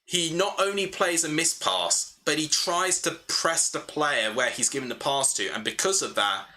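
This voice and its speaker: A man's voice: a little high, normal speed, pushed and bright, slight background noise. A young man hosting a live football watchalong stream, calling the play and chatting with viewers as he thinks aloud. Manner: chatty, thinking aloud, answering chat between play calls. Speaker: livestream host.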